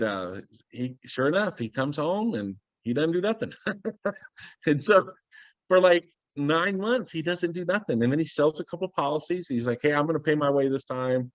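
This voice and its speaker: A man's voice: a little high, no echo. A man speaking as a guest on a video call, telling a story with energy and acting out what people said. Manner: animated storyteller, acts out quoted dialogue.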